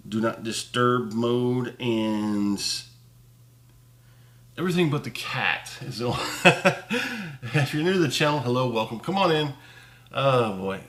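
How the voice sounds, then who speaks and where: Bright-voiced chatty male whiskey reviewer. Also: medium pitch. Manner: chatty and relaxed, laughing at himself, thinking aloud. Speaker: host of a spirits review channel. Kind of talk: casual on-camera review chat.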